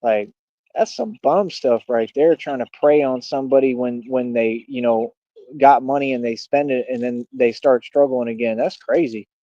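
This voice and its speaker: A man's voice: mid-range voice, normal speed, dark tone, no echo, dull audio. A man hosting a livestream, combatively mocking and taunting a rival in a heated rant. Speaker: livestream host.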